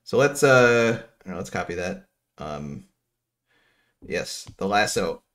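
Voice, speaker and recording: A man's voice: deep voice, animated, slow, fairly bright tone. A middle-aged man from New Jersey giving a casual economics lecture, working through equations aloud with rambling asides and frequent self-interruptions.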